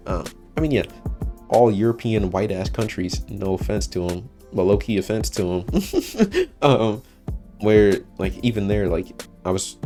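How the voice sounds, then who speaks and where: Young man in his early twenties, slightly low voice, casual swearing vlog rant with faint music underneath. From United States. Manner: casual, swearing, laughing, self-interrupting. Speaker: vlogger. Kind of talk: rambling monologue to camera.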